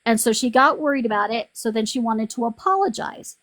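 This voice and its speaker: A woman's voice: fairly high pitch, expressive, fairly quick, fairly bright tone, dry recording. Rambling, frustrated woman on a livestream. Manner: rambling, frustrated, full of restarts. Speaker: livestream host. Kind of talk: casual live-stream venting.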